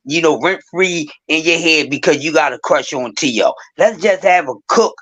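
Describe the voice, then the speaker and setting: A man with a fairly high voice holds forth on a casual sports podcast. He rants in an animated, sarcastic way, building up steam as he goes. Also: normal speed, poor audio. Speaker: podcast co-host.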